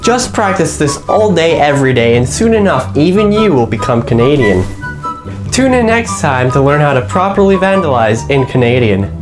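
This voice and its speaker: A man's voice: fairly high pitch, sing-song, normal speed, music in the background. A teenage boy co-anchoring a school news show, playful and mock-dramatic in tone. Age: teens.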